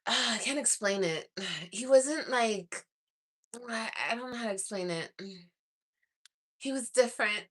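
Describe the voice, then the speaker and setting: Chatting to the camera from home at night, a young woman talks at a normal pace in a mid-range voice. Her tone is gossipy and lively, and she swears, laughs and sighs often.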